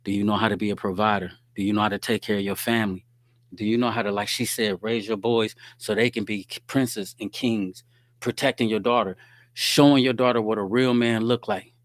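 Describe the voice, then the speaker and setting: A man's voice: on the low side, steady tone, fairly quick, dry recording, studio quality. A man giving a streetwise, preachy faith-based talk straight to his listeners.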